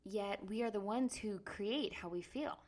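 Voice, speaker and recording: Woman in her 30s doing a solo podcast, earnest and chatty, middle-pitched voice. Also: measured pace. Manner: earnest, storytelling, acts out her past self loudly. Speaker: podcast host. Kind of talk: casual monologue.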